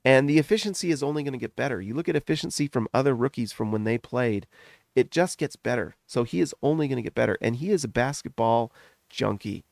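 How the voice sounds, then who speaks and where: A middle-aged man talks basketball on his podcast with a gravelly, fry-edged voice. He gushes in quick, animated bursts and sounds a bit foggy from a recent illness. The recording is close and dry, with no room sound. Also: mid-range voice, dry recording. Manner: animated, gushing, talks in rapid runs. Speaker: podcast host. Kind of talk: casual sports commentary.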